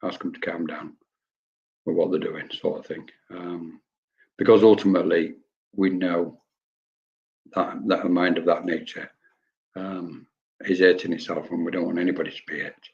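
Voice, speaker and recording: A man's voice: low-pitched, level tone, normal speed, gravelly, pauses often, highs cut off. Chatty man giving readings. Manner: chatty, rambling, greets viewers by name, laughs easily. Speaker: medium giving spirit readings. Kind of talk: live-streamed readings, casual chat.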